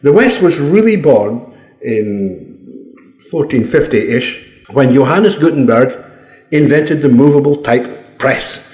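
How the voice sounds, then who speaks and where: A man's voice: medium pitch, expressive, slow, a little mellow. A Scottish man giving a blunt, combative opinion monologue, swearing freely. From Scotland. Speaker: commentator. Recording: roomy echo.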